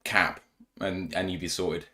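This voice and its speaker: A young man hosts a casual live podcast, joking at his own expense and laughing a lot as he chats. His voice is deep and sharp, with an even tone and a slightly slow delivery.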